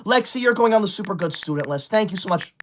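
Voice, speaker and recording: A man's voice: high-pitched, expressive, fast, a bit bright, slight background noise. A man in his twenties playing a pompous, bossy young male livestreamer who scolds his chat while reading super chats, as a comedy character. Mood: haughty. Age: 20s.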